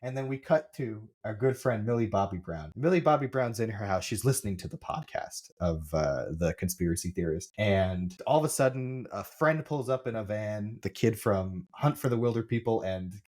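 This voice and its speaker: Animated man recapping a movie. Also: lowish voice, normal speed, hardly any pauses. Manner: animated, acts out characters' lines while retelling. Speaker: podcast host. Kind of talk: casual movie recap chat.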